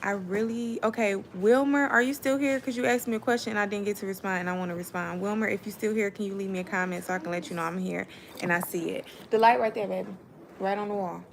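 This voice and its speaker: A woman's voice: mid-range voice, fairly even intonation, fast talker, creaky, a little hiss or hum. Chatty woman live-streaming to viewers. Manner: chatty, addresses viewers as y'all. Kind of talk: casual live-stream chat.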